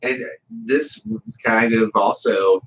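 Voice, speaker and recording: A man's voice: fairly low pitch, fairly even intonation, a bit bright, a little hiss or hum, low-quality recording. A male livestream host who speaks hesitantly, full of fillers, asking the guest questions. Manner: hesitant, filler-heavy, slow. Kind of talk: livestream talk.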